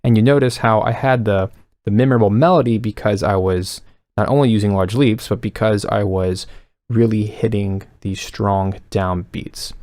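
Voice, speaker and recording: A man explaining melody writing techniques in a calm, instructional way, counting beats aloud. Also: fairly low pitch, normal speed, faint music behind. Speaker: music composition teacher.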